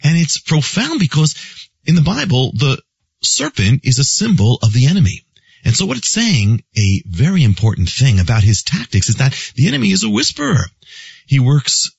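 A man's voice: medium pitch, slightly rough, no room sound. A man delivering a scripted radio teaching and donation appeal, with an emphatic preacher's cadence. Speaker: radio ministry speaker. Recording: dull lo-fi broadcast with faint music.

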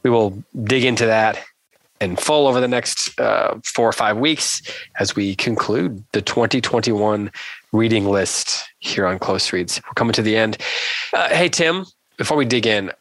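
A man's voice: fairly low pitch, unhurried, no echo. A man hosting a book podcast, talking casually and chattily with frequent restarts. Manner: relaxed, chatty, rambling with restarts. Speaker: podcast host.

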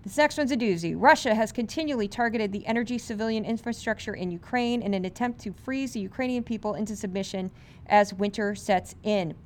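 A woman hosting a media commentary podcast, brisk, sarcastic and incredulous. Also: medium pitch, slight background noise. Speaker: podcast host.

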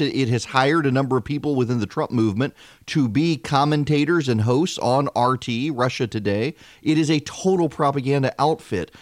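A man, hosting a talk radio show in an animated, wry way with frequent fillers. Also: medium pitch, no echo, studio quality. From Louisiana. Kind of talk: opinionated talk radio monologue.

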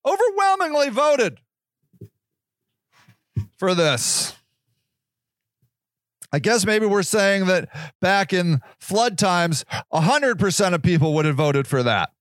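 A man hosts a solo podcast in a fairly high voice, moving between reading aloud and heated rants. He is sarcastic and swears freely. The sound is dry and close, with no room around it. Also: big pitch swings, slow pace, pauses often, no room sound. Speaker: podcast host.

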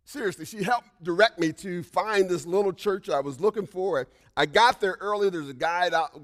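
A male pastor preaching a sermon, telling a personal story with frequent "right?" asides and swings between loud outbursts and hushed whispers. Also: high-pitched.

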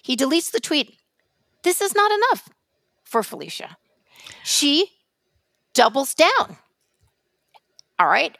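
A woman co-hosting a chatty podcast, acting out every story with theatrical flair and blunt, profane asides. Her voice sits fairly high. The sound is dry and close, with no room echo. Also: very animated, slow pace, vocal fry, long pauses, a bit bright. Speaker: podcast co-host. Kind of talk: casual conversational podcast.

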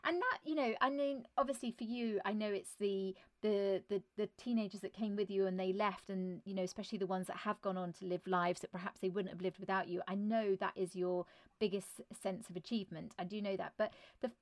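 A woman hosts an interview, asking questions and chiming in with warm, encouraging affirmations. Her voice sits in a middle range, recorded dry and close. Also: medium pitch, fairly even intonation, fairly quick, no room sound. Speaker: podcast host. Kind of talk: conversational interview.

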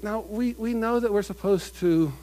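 A man's voice: high-pitched, moderate pace, warm tone, low-quality recording. A man preaching a conversational sermon, often repeating and restarting his phrases. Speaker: pastor.

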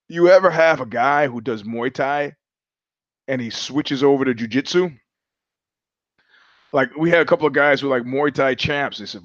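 Animated storytelling man on a podcast. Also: a little high, no room sound, highs cut off. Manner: animated storyteller, acts out quoted voices; swears freely, restarts sentences. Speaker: podcast host. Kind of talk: casual monologue.

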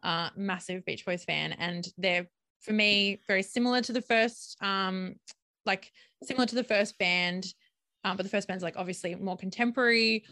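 A woman's voice: mid-range voice, fairly even intonation, normal speed, bright, forceful tone, no room sound, clean studio sound. A young adult woman with an Australian accent, co-hosting a podcast in casual chat, full of "like" and "um". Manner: chatty, lots of "like" and "um". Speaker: podcast co-host.

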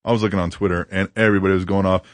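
A man's voice: low voice, flat delivery, rapid-fire, dry recording. A man co-hosting a casual podcast, crude and laughing as he tells stories and reads listener tweets aloud. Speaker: podcast co-host.

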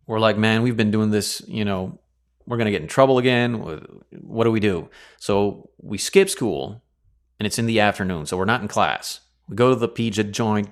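A man teaching a Bible study, telling a story in a casual, rambling way with chatty asides and self-corrections. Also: deep voice.

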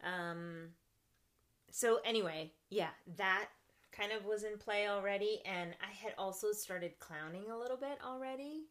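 A young woman in a relaxed podcast conversation, her voice bright and forward. She is animated and laughs often, slipping into little acted-out versions of her own thoughts. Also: medium pitch, unhurried. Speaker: podcast guest, actress and clown. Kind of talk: casual conversational interview.

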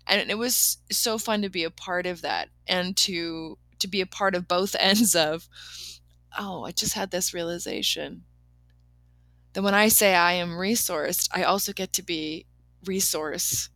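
A woman's voice: mid-range voice, moderate pace, bright, forceful tone, no echo. A woman hosting a podcast, talking through a personal story in an earnest, emotional way and laughing often. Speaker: podcast host. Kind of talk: reflective personal monologue.

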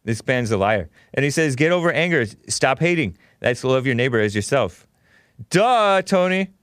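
A man's voice: mid-range voice, sing-song, normal speed, fairly bright tone, dry recording, clean studio sound. A man hosting a call-in talk show, arguing with and interrupting callers.

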